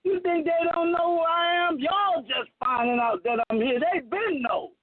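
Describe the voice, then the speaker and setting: Over a tinny, dry phone line with crowd noise, a man in his fifties proclaims himself messiah in a rambling, profane sermon. His very high-pitched voice keeps a moderate pace, preachy and emphatic, with heavy swearing.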